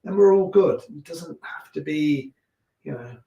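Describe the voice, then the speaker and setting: A man with a Leicester accent teaching a gentle yoga class, giving calm, unhurried cues with chatty asides. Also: a little high, gravelly, dull audio. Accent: Leicester English. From England. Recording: echoey room.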